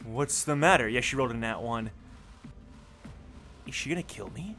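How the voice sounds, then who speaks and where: A streamer giving let's play commentary with jumpy, excitable reactions while reading a story game aloud. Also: mid-range voice, normal speed, soft background music.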